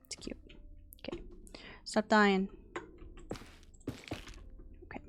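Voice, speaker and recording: A woman's voice: extremely slow, a bit bright, a little hiss or hum. A young adult woman streaming a game, chatting casually, muttering to herself and scolding the game's animals. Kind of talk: casual gameplay chat.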